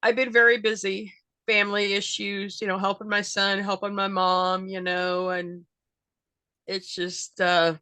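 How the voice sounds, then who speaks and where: Bright-voiced older woman. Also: mid-range voice, level tone, measured pace, clear, resonant tone, dry recording. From Arkansas, USA. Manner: chatty, folksy, laughs often, acts out quotes. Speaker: wrestling fan character, guest. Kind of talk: casual storytelling interview.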